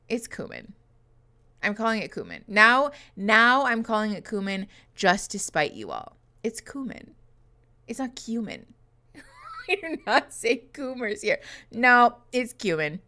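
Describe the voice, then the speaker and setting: A woman's voice: on the high side, big pitch swings, measured pace, pushed and bright. A woman in her thirties hosting a live reaction stream, chatting playfully with viewers, teasing and laughing often. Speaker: host reacting to a show live. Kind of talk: casual livestream chat.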